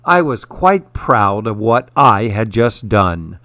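A man calmly reading a children's storybook aloud. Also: on the low side, slow, no room sound, clean studio sound. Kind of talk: storybook narration.

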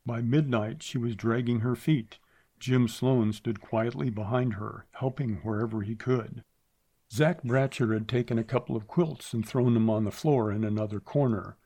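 Male narrator, western audiobook, measured, steady pace, medium pitch.

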